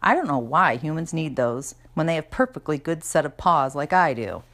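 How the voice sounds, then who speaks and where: Woman storybook reader, low voice, chatty first-person narration. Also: lively intonation, moderate pace, a bit bright. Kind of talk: storybook read-aloud narration.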